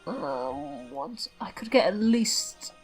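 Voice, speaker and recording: A woman's voice: low-pitched, very animated, slow pace, music in the background. A woman playing a tabletop game, playful and full of questions about the rules. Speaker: player. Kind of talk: casual tabletop game chat.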